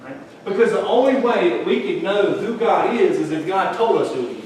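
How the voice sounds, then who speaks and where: A man's voice: high voice, lively intonation, a little fast, a little mellow, a little hiss or hum. A man, a pastor giving a folksy, conversational sermon in a church. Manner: folksy, conversational preaching with Southern phrasing. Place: church sanctuary. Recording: echoey church hall, mic at a distance.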